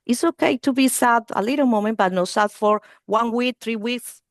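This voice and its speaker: A woman's voice: on the high side, normal speed, no echo, clean studio sound. A woman presenting a training webinar for early-learning teachers over a video call, speaking non-native English and often checking in with "okay?" and "you see".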